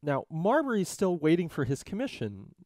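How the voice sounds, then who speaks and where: A man tutoring on a law case in a casual, jokey way, slipping into quick character voices. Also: fairly high pitch, huge pitch swings, darkish tone, no room sound, studio quality. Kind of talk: casual explanatory lesson.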